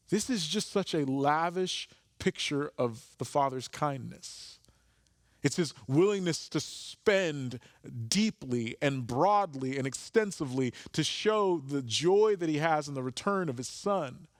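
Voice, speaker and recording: Pastor guy giving a sermon, kinda high voice, earnest, repeats words a lot, dry close sound. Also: lively intonation, unhurried, dry recording. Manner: earnest, repeats words while searching for the phrase.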